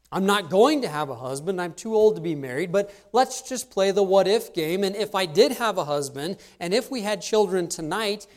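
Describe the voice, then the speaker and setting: A preacher voicing an aging widow's tough-love plea. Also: male voice, sits high. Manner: blunt, pleading tough-love talk. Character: older widowed woman urging her daughters-in-law home.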